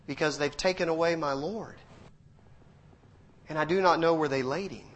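A man voicing Mary Magdalene as a grieving woman, pleading in a soft, tearful way within a sermon. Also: on the high side, normal speed, natural voice.

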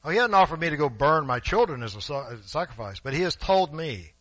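Emphatic bright-voiced man preaching. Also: fairly high pitch, very animated, fast, hardly any pauses, no room sound, poor audio. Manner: emphatic, rising to forceful peaks; talks directly to the congregation. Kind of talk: sermon. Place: church sanctuary.

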